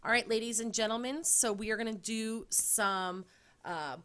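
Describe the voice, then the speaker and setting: A woman's voice: fairly high pitch, normal speed, sharp tone. A woman teacher giving an upbeat classroom lecture over slides, explaining ideas with memory tricks.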